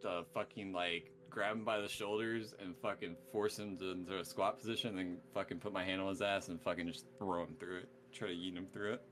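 A man's voice: deep voice, steady tone, brisk, hardly any pauses. A man playing a character in a tabletop role-playing game, crude and swearing, laughing often. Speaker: player. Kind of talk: casual chat.

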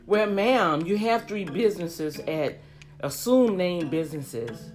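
A woman's voice: on the low side, expressive, slow, faint music behind. A woman voicing a curt, unfriendly female clerk who speaks in a clipped, formal way.

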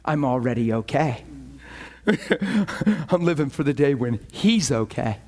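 In a sermon, a male pastor with a mid-range voice tells a personal story at an unhurried pace. He's animated, laughs often, and does voices for the people he quotes.

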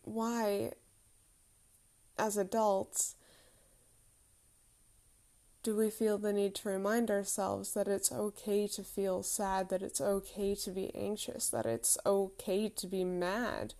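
A woman's voice: medium pitch, slow pace, long pauses, dark tone. A woman in her thirties telling a candid, reflective personal story with self-deprecating humour.

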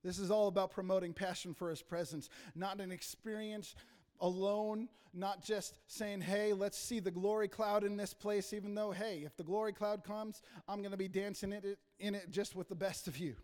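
A man preaching a passionate sermon as pastor, rising to loud emphasis and dropping to quiet asides. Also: sits high, fairly even intonation, moderate pace. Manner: impassioned preaching, rising and falling in volume. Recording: reverberant hall.

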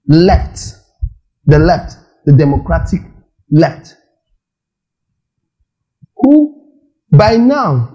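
A male preacher delivers an animated sermon, throwing rhetorical questions at his listeners. His voice sits a little high for a man, yet the tone is dark and mellow. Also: rough recording.

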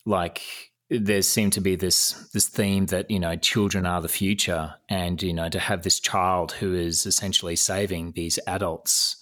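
A man's voice: low-pitched, little pitch movement, unhurried, few pauses, fairly bright tone. A man interviewing a filmmaker in a casual chat, making dry joking asides.

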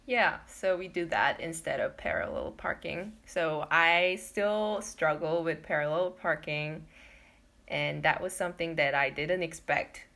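A woman in casual chat who explains things calmly and pauses a little as she goes. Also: sits low, vocal fry. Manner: calm, explanatory, a little halting.

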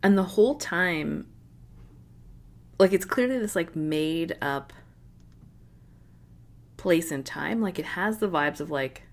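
A woman's voice: fairly low pitch, expressive, slow pace, pauses often. A woman co-hosting a book podcast, chatting casually with many filler words. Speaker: podcast co-host.

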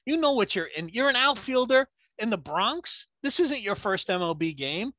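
Guy from new york going off on a sports podcast, high bright voice, swears a lot, dry close mic. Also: very animated, no room sound. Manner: profane, ranting, rapid rhetorical questions. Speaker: podcast co-host. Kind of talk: heated sports podcast rant.

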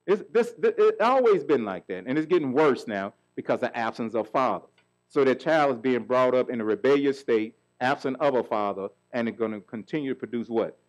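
A middle-aged male pastor preaches a sermon in call-and-response style, calling out questions for the congregation to answer. His mid-range voice is expressive and fairly quick, and the sound is lo-fi.

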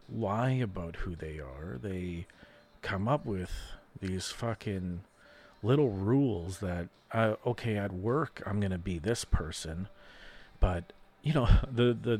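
A man's voice: sits low, a little mellow. A man hosting a solo podcast, rambling and swearing freely as he rants in frustration and asks himself questions. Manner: rambling, profane, frustrated ranting with self-questions; quotes imagined people in a raised voice. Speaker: podcast host. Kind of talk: casual solo podcast monologue.

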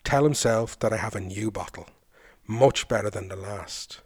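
A man's voice: lowish voice, normal speed, darkish tone, slightly rough. A man voicing a hapless poor farmer in a folktale, with an earnest, pleading delivery.

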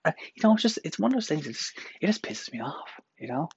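This solo podcast host from Newfoundland rants profanely and with exasperation from his apartment room. His voice is fairly high, sing-song, fast and husky, recorded dull with no room sound.

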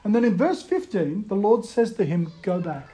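A man giving a conversational sermon, moving between loud emphasis and quiet, hushed retellings. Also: high-pitched, sing-song, moderate pace. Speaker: preacher.

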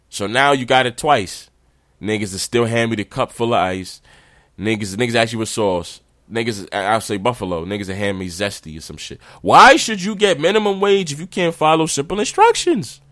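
A man hosting a podcast, ranting in a casual, animated, slangy way. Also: mid-range voice, normal speed, dry recording. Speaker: podcast host.

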